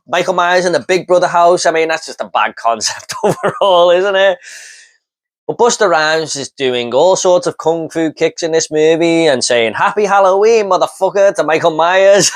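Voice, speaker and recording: A man giving casual commentary on bad horror movie lines, laughing often and swearing as he mocks them. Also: a little high. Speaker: movie reviewer.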